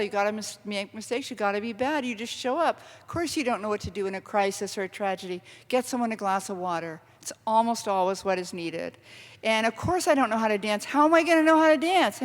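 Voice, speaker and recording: A middle-aged woman author giving an animated, self-deprecating storytelling talk to a university audience. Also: mid-range voice, big-room sound. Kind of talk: lively storytelling lecture. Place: university lecture hall.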